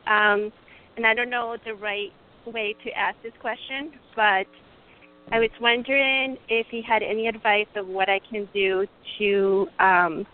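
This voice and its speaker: A woman calls in to a show and asks her question with hesitation, filling her pauses with ums. Her voice comes through a thin, phone-like line. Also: medium pitch. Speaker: caller. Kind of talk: call-in question.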